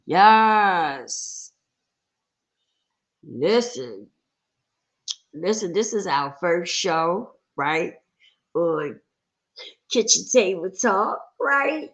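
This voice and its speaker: A woman hosting a casual livestream, hoarse and rough-voiced from a cold, greeting viewers in a lively, chatty way. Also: lowish voice, extremely slow, long pauses. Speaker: livestream host.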